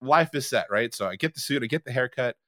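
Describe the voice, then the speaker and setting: A man's voice: mid-range voice, fast talker, no room sound, studio quality. A man telling a story in a casual podcast chat, acting out the people in it, with many restarts and fillers. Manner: animated, acts out the other people in his story; frequent restarts and filler words.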